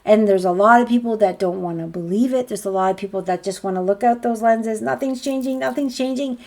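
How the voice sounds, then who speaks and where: A woman's voice: mid-range voice, quick pace, a little mellow. A woman speaking as a spiritual healer on a group healing call, earnest and encouraging, often piling up rhetorical questions.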